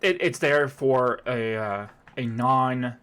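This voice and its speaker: A man's voice: medium pitch, takes it slowly, fairly bright tone, smooth. A man streaming a casual reaction commentary, sarcastic and rambling, with many restarts.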